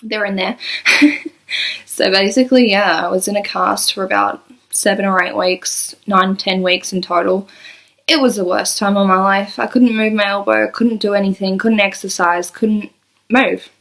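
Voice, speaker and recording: A woman's voice: medium pitch, fairly even intonation, moderate pace, a bit bright. A woman, rambling and apologetic as she tells an emotional personal story into her laptop. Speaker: vlogger. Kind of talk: personal confessional vlog.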